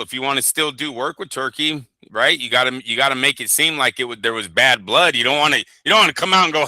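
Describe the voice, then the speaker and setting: A man's voice: mid-range voice, fast, few pauses, pushed and bright, no echo. A man co-hosting a boxing talk show, chatting casually and profanely, rambling through stories and acting out quotes. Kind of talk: casual podcast chat.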